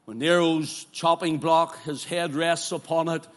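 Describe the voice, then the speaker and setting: A man preaching a sermon, moving between loud fervent declarations and quiet, pleading questions to his listeners. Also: on the high side, steady tone, measured pace. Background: congregation present, also streamed live.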